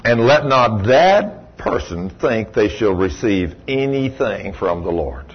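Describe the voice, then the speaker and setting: A man preaching a sermon in a folksy storytelling way, with sudden high exclamations. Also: sing-song, slow pace, slight background noise. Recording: dull lo-fi recording.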